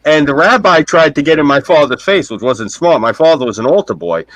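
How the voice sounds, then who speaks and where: A man chatting casually on a live stream, spinning animated stories and acting out the people in them. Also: on the high side, a little fast, dry recording, low-quality recording. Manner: animated storyteller who acts out the people in his stories. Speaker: guest storyteller.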